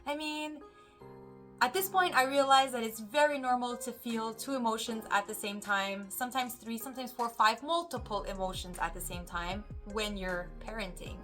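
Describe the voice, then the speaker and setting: Bright-voiced mom telling a story. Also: female voice, a little high, normal speed, faint music behind. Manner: animated, acts out quoted voices. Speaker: mother vlogger. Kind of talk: casual storytelling to camera.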